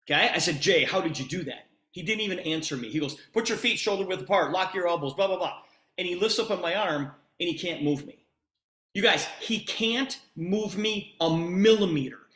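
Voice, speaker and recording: A man presenting on a video call, telling an animated story and acting out both sides of a conversation as a sales pitch. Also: normal speed, roomy sound. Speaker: presenter on a business opportunity call.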